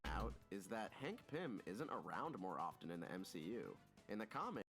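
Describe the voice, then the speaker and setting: A man's voice: sits low, very animated, normal speed, a bit bright, faint music behind. A man narrating an online movie review, opinionated, dismissive and crude. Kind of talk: reviewed video commentary played back.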